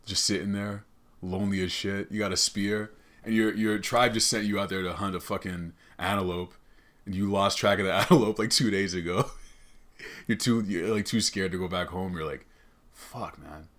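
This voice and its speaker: Low-voiced, rambling, profane male host. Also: fairly even intonation, moderate pace, fairly bright tone. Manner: rambling, profane, laughs often. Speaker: podcast host. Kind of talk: comedic monologue. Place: studio.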